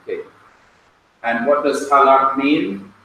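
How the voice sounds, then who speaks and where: Heard from a distance in an echoey classroom with faint background noise, this Hebrew teacher speaks slowly in a medium-pitched, expressive voice with a sharp tone. He leads the lesson, naming students one by one and patiently drilling how they pronounce words.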